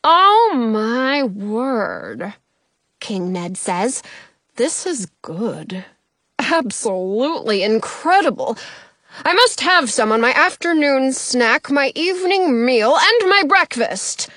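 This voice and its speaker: A woman's voice: high voice, very animated, slow pace, fairly bright tone, dry recording, clean studio sound, heavily acted. A woman playing a bossy bellowing king. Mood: delighted. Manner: bellowing, bossy, grandly pompous. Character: tall imposing commanding male king.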